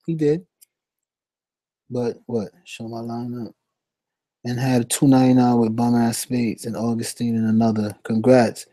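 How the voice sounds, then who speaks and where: Young guy on a fantasy sports stream, slangy and hyped, mellow tone, dry close mic. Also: mid-range voice, a little slow, pauses often, no echo. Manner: slangy, animated, reads chat shout-outs. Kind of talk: casual live-stream chat.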